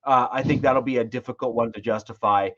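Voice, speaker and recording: A man's voice: medium pitch, steady tone, a little fast, fairly bright tone, lo-fi sound. A man co-hosting a sports podcast, rambling through his points with frequent restarts. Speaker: podcast co-host. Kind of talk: casual sports chat.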